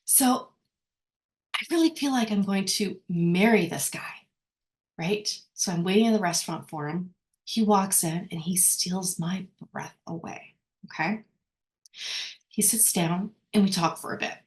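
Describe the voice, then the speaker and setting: Teaching a workshop informally, this woman rambles conversationally, tosses in "right?" often, and keeps correcting herself. She speaks in a mid-range voice at a measured pace.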